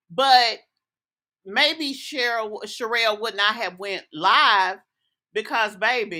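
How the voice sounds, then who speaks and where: A woman's voice: mid-range voice, pushed and bright. A woman hosting a reaction commentary video, indignant and scolding as she speaks straight at the person she criticizes. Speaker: commentary host.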